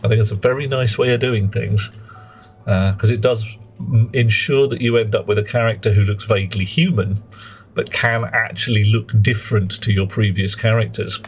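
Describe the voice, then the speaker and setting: A man's voice: on the low side, steady tone, moderate pace, slightly rough. A man streaming a game live, chatting in a jokey, rambling way and greeting viewers between explanations.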